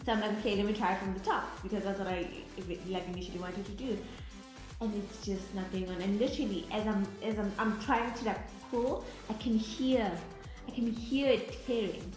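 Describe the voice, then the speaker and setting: Animated woman, echoey room. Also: mid-range voice, normal speed. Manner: animated, dramatic retelling with restarts and laughter. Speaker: co-host of a couple's channel. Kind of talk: casual storytelling chat. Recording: very echoey room with faint music.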